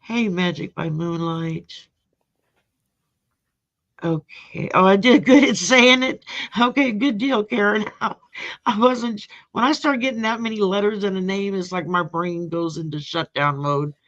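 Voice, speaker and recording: A woman's voice: medium pitch, unhurried, fairly bright tone. A woman hosting a live tarot stream in a rambling, laid-back way, reading out viewer names. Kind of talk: casual live-stream chat. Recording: dull lo-fi stream audio.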